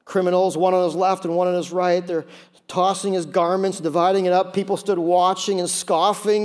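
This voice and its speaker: Man, pastor, sermon, high-pitched, dramatic delivery, hushed passages. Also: flat delivery, moderate pace. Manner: dramatic, acts out quoted voices, drops to hushed tones.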